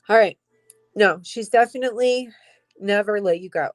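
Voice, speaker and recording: A woman gives a tarot reading in a tearful, halting voice, breaking off into sighs. Her voice sits at an ordinary middle pitch. The sound is dry and close, with faint music in the background. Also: no room sound, poor audio. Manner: emotional, tearful and halting, with sighs and soft whispers. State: crying. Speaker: tarot reader.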